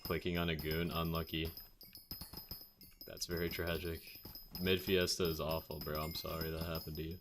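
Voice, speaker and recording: A deep-voiced man chatting on a game stream, bantering back at his viewers with wry, self-mocking jokes. A faint hiss sits under his voice. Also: level tone, normal speed, long pauses. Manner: joking, self-mocking, defensive. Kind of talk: casual livestream chat reading comments.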